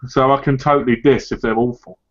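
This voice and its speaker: A man's voice: medium pitch, fairly even intonation, a little fast, a bit bright, lo-fi sound. A man hosting a casual live chat over an online call, easygoing and brief. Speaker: host of a live chat show.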